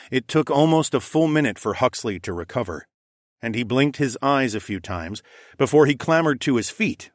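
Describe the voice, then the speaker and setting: A man's voice: mid-range voice, no room sound, studio quality. A man narrating a fantasy audiobook in the first person, conversational and wry with casual swearing.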